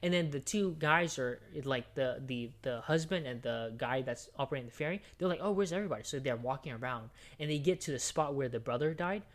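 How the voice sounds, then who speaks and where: A man co-hosting a podcast, retelling a movie plot in casual chat with lots of fillers and swearing, dropping to a hushed recap and then bursting out loudly. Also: medium pitch, brisk, few pauses. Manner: excitable, profane storyteller with many fillers; jumps between hushed recap and loud outbursts. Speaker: podcast co-host.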